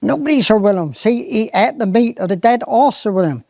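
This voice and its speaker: A Cornish dialect performer voicing a slow-witted, apologetic old gamekeeper with a broad Cornish accent who talks hesitantly and roundabout. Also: male voice, sits high, lively intonation, darkish tone, no echo, clean studio sound, voice pushed up.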